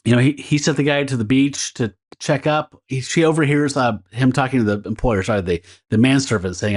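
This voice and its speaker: In a mid-range voice and at a fairly quick clip, a man co-hosting a laid-back comic book podcast retells a comic's story. He rambles, laughs and fills his speech with fillers.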